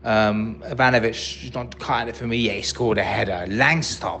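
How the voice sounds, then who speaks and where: An angry man leaving a ranting voice message as a football fan, swearing and shouting in bursts. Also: medium pitch, moderate pace, hardly any pauses. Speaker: fan caller.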